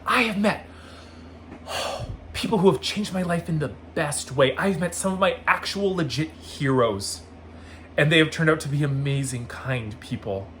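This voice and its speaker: Brief: animated male vlogger, a bit high-pitched, faint room hiss. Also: a little slow. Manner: animated, acts out quoted voices, frequent "like" fillers. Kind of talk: casual storytelling vlog.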